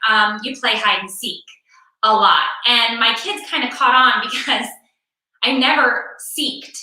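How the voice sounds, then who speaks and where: A middle-aged woman performs stand-up comedy for a virtual show, her voice high-ish and very bright. She rants with sarcastic exasperation, piling up repeated words for the punchline. The sound is very echoey and comes from well away from the mic, as in a bare room at home. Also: recorded from a distance. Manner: sarcastic, exasperated ranting with repetition for effect.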